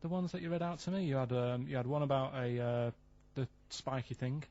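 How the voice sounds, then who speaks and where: A man's voice: medium pitch, fairly even intonation, brisk, a little mellow, highs cut off. Plain-spoken man, rambling story. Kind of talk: casual studio banter.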